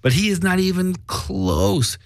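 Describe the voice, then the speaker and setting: A man's voice: sits high, unhurried, gravelly, no room sound. A man co-hosting a casual podcast, joking and swearing in loose banter. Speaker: podcast co-host. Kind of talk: casual chat.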